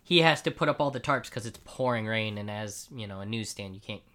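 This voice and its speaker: Bright-voiced man retelling a comic. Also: on the low side. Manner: animated, does quick character voices while retelling. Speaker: podcast co-host. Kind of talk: casual comic book discussion.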